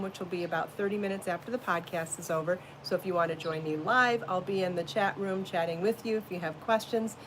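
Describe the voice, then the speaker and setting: This podcast host and crochet designer broadcasts a relaxed live episode from home, then moves out to her garden, chattering cheerfully and laughing a lot. Her voice is medium in pitch, and a bit of hiss or hum sits under the recording.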